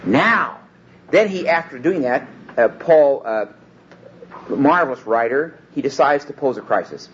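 Guy teaching a bible passage, pitch jumping all over, stops and restarts a lot, dull lo-fi tape with a faint hum. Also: lively intonation, a little slow. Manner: emphatic, hesitant with many restarts. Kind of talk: expository Bible lecture.

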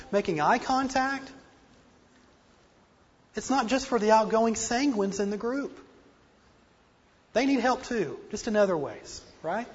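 A man with a high, breathy voice preaches a sermon, earnest and self-deprecating in his emphasis, with a slight speech impediment. The recording is dull and lo-fi, made in a reverberant hall.

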